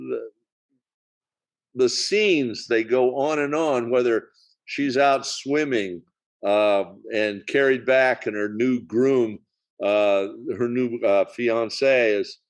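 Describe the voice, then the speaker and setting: A man co-hosting a podcast, talking casually about old films with many fillers and restarts. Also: medium pitch. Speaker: podcast co-host. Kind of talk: casual film discussion.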